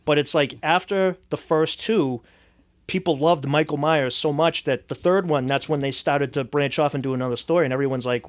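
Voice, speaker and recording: A man chatting casually on a podcast, telling animated stories and slipping into voices for people in them. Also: a little high, moderate pace. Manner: animated storyteller, does voices in anecdotes. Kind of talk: casual chat.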